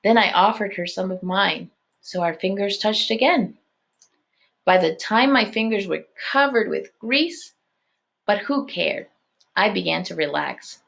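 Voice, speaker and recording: A woman's voice: medium pitch, a little slow, gravelly, fairly bright tone. A woman elementary teacher reading a chapter book aloud to her class, stopping to explain and check in.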